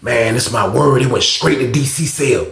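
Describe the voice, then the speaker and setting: A man telling a casual storytime vlog, profane and animated, acting out noises and other people's voices. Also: mid-range voice, moderate pace, vocal fry. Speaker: storyteller recounting prison life. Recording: echoey room.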